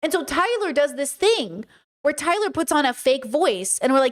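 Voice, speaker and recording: Young woman host for a casual stream; chatty and animated, sits a little high, lapses into imitated voices. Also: moderate pace. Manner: animated, chatty, often mimics voices mid-story. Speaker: livestream host. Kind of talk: casual livestream chat.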